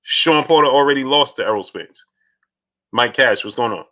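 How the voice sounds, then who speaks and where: A man's voice: medium pitch, moderate pace. A man hosting a casual live stream about boxing, arguing his points with energy while greeting viewers by name and reading their super chats. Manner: animated, greets viewers by name mid-argument.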